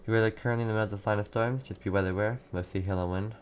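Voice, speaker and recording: A young man hosting a live storm-coverage stream, casually reading out viewers' towns and warnings, halting now and then. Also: fairly low pitch, steady tone, slight background noise. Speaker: livestream weather host.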